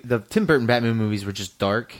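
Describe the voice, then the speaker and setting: Opinionated, animated male podcast host. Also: mid-range voice, quick pace. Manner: animated, swears freely, opinionated. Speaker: podcast host and film editor. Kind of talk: casual chat.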